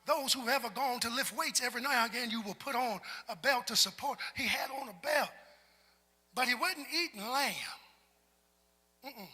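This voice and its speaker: A man preaching a sermon as pastor, talking with the congregation and building up to shouts. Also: very high voice, normal speed, husky. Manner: preacherly, call-and-response, climbs to shouts. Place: large church sanctuary. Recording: long hall reverb in a large sanctuary.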